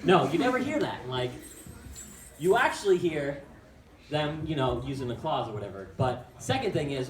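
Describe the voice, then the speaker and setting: A young man in stand-up mode with a slightly high voice, rambling through his story with lots of fillers and self-mocking asides. He sounds far off in an echoey room, with a crowd audible behind him. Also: big pitch swings, moderate pace. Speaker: stand-up comic.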